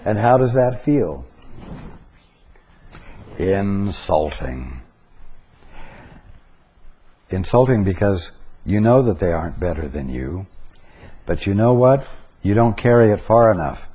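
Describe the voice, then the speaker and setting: A man giving a spiritual teaching talk, slow and deliberate, pausing to stress single words. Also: on the low side, lively intonation, warm tone, breathy edge.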